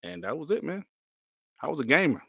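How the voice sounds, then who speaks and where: Bright-voiced man in his forties. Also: fairly high pitch, brisk, slightly rough, dry recording. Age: 40s. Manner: relaxed, repetitive storytelling. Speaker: guest. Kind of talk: casual gaming podcast chat.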